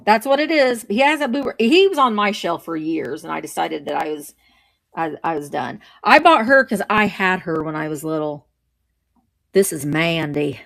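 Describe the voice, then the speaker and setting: A woman's voice: lowish voice, animated, normal speed, creaky, a bit bright. A middle-aged woman hosting a casual live stream from home, rambling cheerfully as she greets viewers and shows vintage finds from her shelves. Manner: chatty, rambling, greets viewers while showing items.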